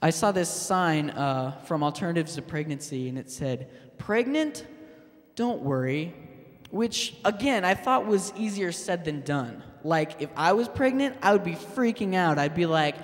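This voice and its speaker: A man doing a stand-up set, halting and deadpan, with fillers and restarts. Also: on the high side. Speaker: stand-up comedian. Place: public access TV studio stage. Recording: long hall reverb.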